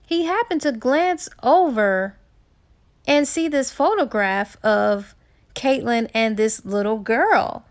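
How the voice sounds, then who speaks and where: A woman reviewing a book by retelling its plot in a chatty, filler-heavy way. Her voice sits on the higher side and is full of gravelly fry. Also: expressive, takes it slowly. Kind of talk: casual retelling of a novel's plot.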